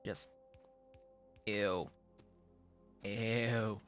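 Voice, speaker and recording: A man's voice: on the low side, steady tone, extremely slow, a bit bright, faint music behind. A man streaming a factory-building game, mumbling casual commentary to himself while his voice is going. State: losing his voice.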